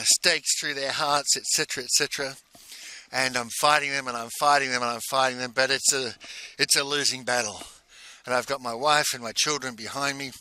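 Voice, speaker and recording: A man coaching in a monologue, telling a personal story in a halting way and repeating phrases for emphasis. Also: mid-range voice, pushed and bright, dry recording. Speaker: business coach.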